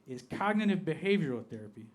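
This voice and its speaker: Deadpan and unhurried at the punchlines, a man does stand-up in a comedy club with an Appalachian American accent. He's from Appalachia in the United States, and his voice sits somewhat high for a man.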